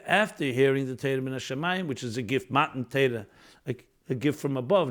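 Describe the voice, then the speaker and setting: A man's voice: medium pitch, a little fast. A man giving an earnest Torah lecture, weaving Hebrew and Yiddish terms into English and rising in emphasis on key points. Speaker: rabbi lecturer.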